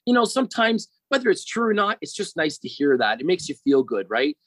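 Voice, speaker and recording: A man's voice: fairly high pitch, lively intonation, fairly quick, few pauses, fairly bright tone, dry recording, rough recording. A middle-aged man telling a personal story as a podcast guest, rambling and often checking in with "right?".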